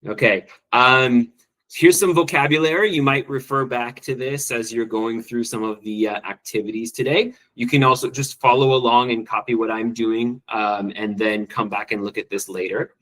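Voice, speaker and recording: A man teacher presenting an online spreadsheet training, quick and enthusiastic, with frequent ums and restarts. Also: medium pitch, steady tone, a bit bright, rough recording.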